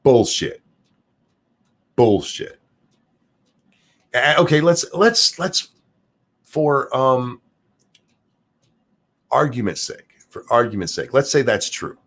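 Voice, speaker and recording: A man's voice: expressive, slow, long pauses, fairly bright tone. A man hosting a live stream, ranting and mocking in casual, profane commentary. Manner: profane, mocking rant with sudden pitch jumps. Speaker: streamer and show host.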